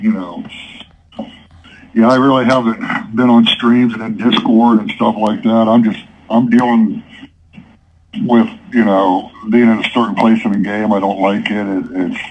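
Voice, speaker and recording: Male gamer, lower voice, faint background noise, frank rambling chat. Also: lo-fi sound. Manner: frank, rambling, repeats himself. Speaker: longtime player on a gaming stream. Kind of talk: casual chat.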